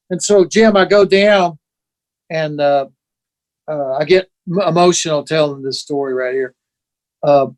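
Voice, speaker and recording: Older man in his 60s, guest on an interview, lively storyteller who slips into quoted voices, on the higher side of male pitch. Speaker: guest musician.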